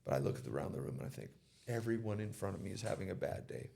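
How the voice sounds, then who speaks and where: Gravelly dark-voiced man telling a story. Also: sits low, animated, racing. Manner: retells conversations in casual quoted speech. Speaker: interview guest. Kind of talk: storytelling in a podcast interview.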